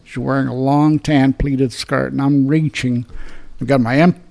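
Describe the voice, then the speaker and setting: A man's voice: mid-range voice, steady tone, unhurried, vocal fry, darkish tone. A man in his seventies from Texas, a retired police detective telling a story in an interview in a plain-spoken, blunt way and often restarting and repeating his words. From Dallas, Texas. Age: 70s.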